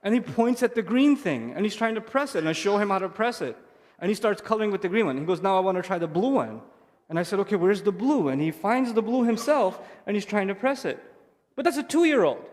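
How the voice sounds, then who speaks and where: Man, high-pitched voice, lecture to parents, lively storyteller, long hall reverb. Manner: lively storytelling, acts out a child's voice. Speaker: Islamic speaker.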